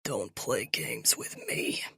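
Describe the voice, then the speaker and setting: A woman narrator voicing a menacing older male captor with a gravelly, commanding voice, barking threats. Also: medium pitch, lively intonation, slow, sharp tone, no echo, whispered, studio quality, pitched below the performer's own voice, full character voice. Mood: cold.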